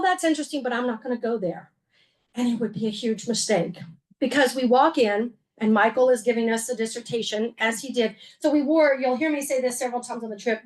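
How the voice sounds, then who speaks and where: A woman giving a slideshow talk to an audience, conversational and earnest, with wry humor and frequent fillers and self-corrections. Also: a little high. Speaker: museum executive director giving a talk.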